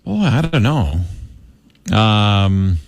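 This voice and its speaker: A man's voice: lowish voice, very animated, drawn-out words, dry recording. A man joining a casual radio show as the regular guest, tossing in dry quips and short agreements. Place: radio studio.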